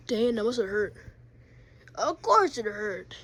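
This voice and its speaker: A woman's voice: fairly high pitch, expressive, unhurried, husky. A woman playing out scenes with plush toys, playfully switching between character voices and asides to viewers. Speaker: plush toy video maker.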